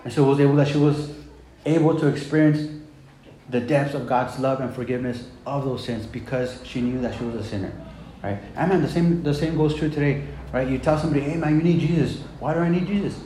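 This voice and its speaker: Preaching in a casual, conversational style, a man keeps saying "man" and "right?" while retelling scripture in plain everyday words. His medium-pitched voice is mellow and brisk with fairly even intonation, recorded in an echoey room with faint background noise.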